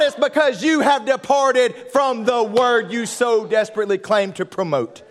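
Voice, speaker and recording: Guy preaching in church, real high voice, gets loud and fired up, shouts back and forth with the room. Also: moderate pace. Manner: fervent preaching that builds to shouted call-and-response. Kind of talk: sermon. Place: church sanctuary.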